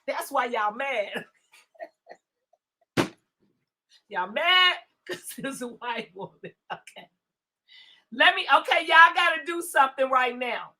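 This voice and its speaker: A woman's voice: sits high, lively intonation, takes it slowly, long pauses, bright, forceful tone. A woman hosting a live stream, scolding chat trolls in a profane, repetitive rant. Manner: profane, scolding, repeats words. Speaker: livestream host. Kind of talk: angry livestream rant.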